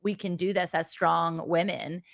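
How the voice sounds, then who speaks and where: A woman's voice: on the low side, fairly even intonation, unhurried, creaky, dry recording, studio quality. A woman speaking as a podcast guest, earnest and reflective, often laughing as she talks. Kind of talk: conversational interview.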